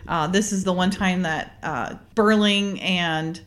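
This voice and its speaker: A woman's voice: on the low side, measured pace. A woman hosting a podcast, casually recapping a TV episode, chatty with frequent fillers and laughter. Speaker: podcast host.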